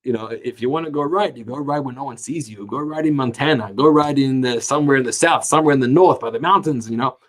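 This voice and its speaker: A man teaching a Talmud class, telling the story with animated emphasis and slowing down to stretch key words. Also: medium pitch. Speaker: Torah teacher.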